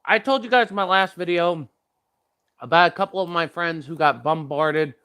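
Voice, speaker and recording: A man's voice: on the high side, normal speed, bright, forceful tone, smooth. A young man chatting casually while tasting snacks, rambling with many fillers and talking with his mouth full. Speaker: vlogger.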